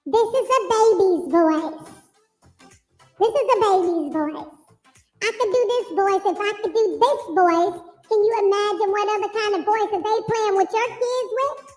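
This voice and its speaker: A very high little child's voice through a voice changer. It comes out slow and sing-song. There is a roomy echo and faint music under it. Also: female voice, a little mellow. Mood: demonstrating. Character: small child, a woman faking a kid's voice.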